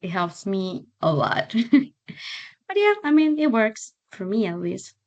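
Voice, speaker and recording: A young woman whose first language is Spanish tutors English online, chatting and laughing often with fillers like "like" and "so." Her medium-pitched voice has lively intonation and is a little slow, with the highs cut off.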